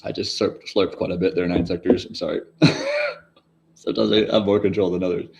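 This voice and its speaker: A man's voice: low-pitched, fairly even intonation, moderate pace, gravelly, a little hiss or hum. A man in his forties hosting a casual livestream, answering chat questions in a rambling way, laughing often and swearing now and then. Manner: rambling, laughs often, sudden loud outbursts.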